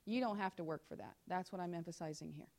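Emphatic woman teaching a sermon. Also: fast. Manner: swings between loud emphatic scripture reading and low confiding asides; talks straight to the congregation with questions. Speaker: church teacher in ministry with her pastor husband. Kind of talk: conversational sermon teaching from scripture. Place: in front of a church congregation.

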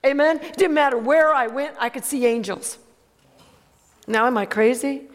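A woman's voice: high-pitched, normal speed, in a large hall. A woman preaching a sermon, emphatic and calling out to the congregation for amens.

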